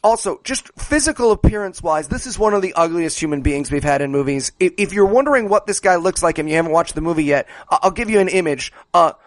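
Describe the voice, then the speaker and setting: A man's voice: a little high, lively intonation, fast, hardly any pauses, no room sound. A man co-hosting a comedy podcast, riffing on a bad movie in a sarcastic, profane way and acting out mocking quotes. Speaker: podcast co-host.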